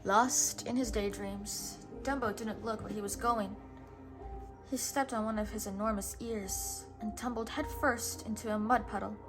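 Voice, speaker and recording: A woman reading a children's picture book aloud in a gentle, measured way. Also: medium pitch, fairly even intonation, over music. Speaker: storybook reader.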